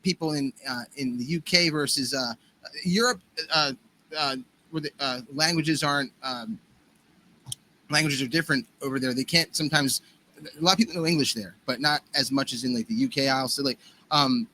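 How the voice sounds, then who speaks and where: Bright-voiced American man, rambling. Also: medium pitch, moderate pace, a little hiss or hum. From United States. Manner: rambling, full of fillers and restarts. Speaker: guest musician. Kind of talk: casual podcast conversation.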